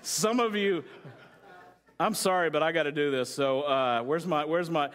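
High-voiced joking pastor. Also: male voice, normal speed, fairly bright tone. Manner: conversational, joking with the congregation. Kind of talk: sermon.

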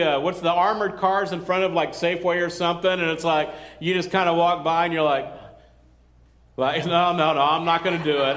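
High-voiced pastor preaching casually. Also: male voice, a bit bright. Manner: conversational, joking asides, calls for amen. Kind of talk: sermon.

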